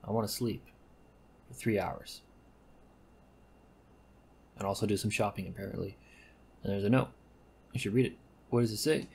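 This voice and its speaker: A man giving casual gameplay commentary, rambling and correcting himself with deadpan asides. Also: lowish voice, normal speed, vocal fry, long pauses, breathy edge. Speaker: gaming commentator.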